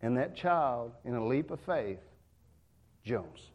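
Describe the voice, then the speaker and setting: A man's voice: mid-range voice, animated, slow. A man preaching a sermon in a church, folksy and joking in a conversational way.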